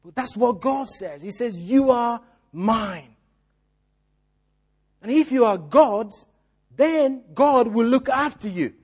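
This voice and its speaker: A man's voice: very high-pitched, animated, unhurried, husky. A male preacher giving a sermon in a church, repeating key phrases and putting rhetorical questions to the congregation.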